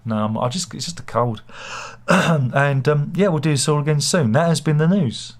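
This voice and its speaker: A man's voice: fairly high pitch, normal speed. A man with a head cold, hosting a live chat show in a rambling, hesitant way, full of fillers and jokey asides while reading out viewer comments. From United Kingdom. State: has a cold, slight cough.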